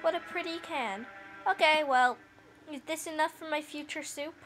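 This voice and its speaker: High, bright-voiced woman gamer. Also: normal speed, soft background music, low-quality recording. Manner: playful, chatty, quirky asides. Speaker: let's play gamer. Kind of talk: casual gameplay commentary.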